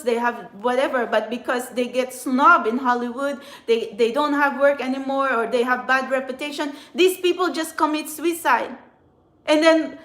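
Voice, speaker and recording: A woman's voice: high voice, a bit bright, roomy sound. A woman tarot reader vlogging an angry, rambling rant, swearing often and filling her talk with "like" and restarts. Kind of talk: angry ranting monologue.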